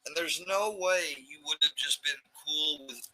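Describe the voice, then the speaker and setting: A man's voice: a little high, a little slow, pushed and bright, rough recording. Sarcastic man mocking on a livestream.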